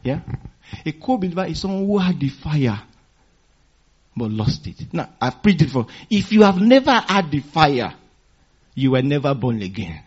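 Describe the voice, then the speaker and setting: A very animated pastor, his voice on the high side yet darkish with a breathy edge, preaches at normal speed. He invites the congregation to finish phrases and chuckles as he tells stories, all in a dull lo-fi recording.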